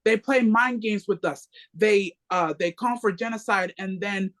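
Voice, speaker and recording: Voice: medium pitch, a little slow, a bit bright. A reading group member talking passionately, repeating phrases for emphasis. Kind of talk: impassioned casual discussion.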